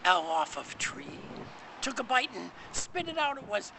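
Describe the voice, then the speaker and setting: Man reading a wordplay story, high swooping voice, slow, loud traffic noise. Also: big pitch swings, gravelly. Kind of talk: performed poetic storytelling.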